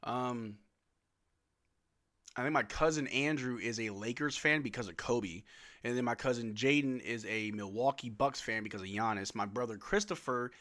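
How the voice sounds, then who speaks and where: A young man from Louisiana with a sharp-toned, mid-range voice hosts a casual livestream. He chats and answers viewers' questions, laughing quickly as he goes.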